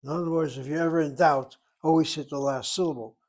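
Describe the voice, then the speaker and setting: Older man, teacher, patient lesson delivery, slightly high voice. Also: steady tone. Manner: patient, explanatory, spells words out slowly. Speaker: Hebrew teacher. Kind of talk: classroom lesson.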